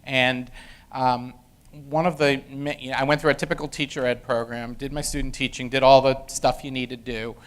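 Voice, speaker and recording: A man's voice: medium pitch, little pitch movement, moderate pace, fairly bright tone, clean tone. A middle-aged man, an education professor, telling a story from his teaching days in a casual lecture style with many fillers and restarts. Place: university lecture room.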